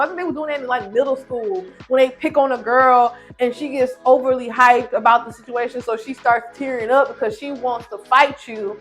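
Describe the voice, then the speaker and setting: Animated woman recapping a show. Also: high-pitched, moderate pace, hardly any pauses, faint music behind. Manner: animated, opinionated, slangy. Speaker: TV show reviewer. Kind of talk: casual recap commentary.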